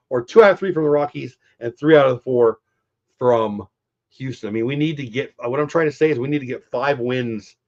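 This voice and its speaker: In a casual post-game stream, a congested middle-aged host talks chattily and cheerfully right to his audience. The mid-range, darkish voice comes through on dull audio.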